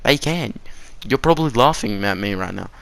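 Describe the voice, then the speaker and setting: A man's voice: lowish voice, expressive, normal speed, gravelly, fairly bright tone, no room sound. Swearing teenage boy. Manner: rambling, swears freely, laughs at own slips. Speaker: vlogger. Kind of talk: casual story time.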